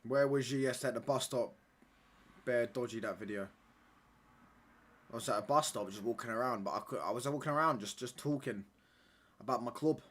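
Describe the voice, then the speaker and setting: A man's voice: mid-range voice, a little fast, pauses often, fairly bright tone. A young man, chatting casually with his live-stream viewers, full of slangy banter that he tags with "mate" and "pal". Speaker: football watchalong streamer.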